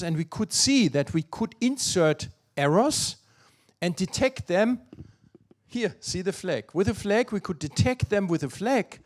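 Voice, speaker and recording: Older German-accented man giving a lecture. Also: a little high. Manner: thinking aloud, many fillers and restarts. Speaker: physics lecturer. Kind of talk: academic lecture.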